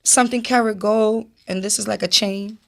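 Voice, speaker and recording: A woman's voice: mid-range voice, fairly even intonation, moderate pace, vocal fry, a bit bright. Young woman, radio guest, easygoing and giggly, filler-heavy casual talk. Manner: laid-back, heavy use of "like", laughs often. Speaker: music artist guest. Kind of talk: casual radio interview chat. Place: radio studio.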